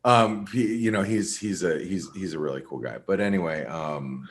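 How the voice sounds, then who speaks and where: A middle-aged man with a very low voice talks casually on a trading webinar. He rambles, doubles back on his words and fills the gaps with "um" and "you know". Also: normal speed. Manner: rambling, with frequent restarts and fillers. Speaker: webinar host and market analyst.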